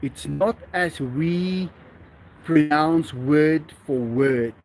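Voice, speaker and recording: A South African man with an Afrikaans accent, chatting casually as he hosts a livestream. He talks slowly in a fairly high voice and laughs often. A faint hiss sits under the recording. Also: a little mellow. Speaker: livestream host. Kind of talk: casual livestream chat reading viewer comments.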